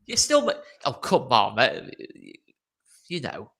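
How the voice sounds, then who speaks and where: A man's voice: mid-range voice, wildly swooping pitch, takes it slowly, gravelly, bright, forceful tone. Chatty football-podcast host, a man. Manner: chatty, laughs often, trails off into restarts. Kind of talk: casual football chat.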